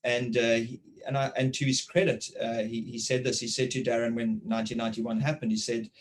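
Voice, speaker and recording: A South African man in his forties interviewing over a video call, telling anecdotes in a lively way and often repeating words. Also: mid-range voice, brisk, few pauses, a little hiss or hum, poor audio. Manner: animated storytelling, repeats words. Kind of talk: conversational interview.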